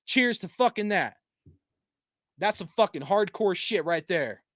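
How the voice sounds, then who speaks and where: A man with a high voice rants hard about his football team, swearing constantly and talking in quick slangy bursts. He speaks close to the mic in a dead, dry room. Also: expressive, a bit bright, no room sound. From US West Coast. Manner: heated, cursing, rapid-fire, slangy. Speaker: fan channel host. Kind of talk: profane sports rant.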